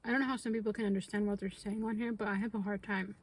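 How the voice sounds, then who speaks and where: At a cemetery, a woman vlogs outdoors in casual ghost-hunting style, asking questions and often dropping to a whisper. Her medium-pitched voice is flat, rapid-fire and slightly rough.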